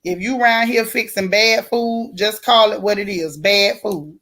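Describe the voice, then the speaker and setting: A woman from Florida hosts a casual morning livestream and answers her viewers as she goes. She talks in a blunt, animated way, full of slang, and laughs often. Her voice sits at a medium pitch. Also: normal speed. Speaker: livestream host. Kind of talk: casual livestream chat reading viewer comments.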